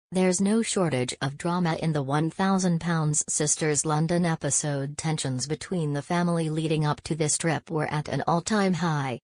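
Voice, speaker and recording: A woman giving a scripted gossip recap in a steady, even read. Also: sits low, no echo. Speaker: celebrity gossip narrator. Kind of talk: scripted narration.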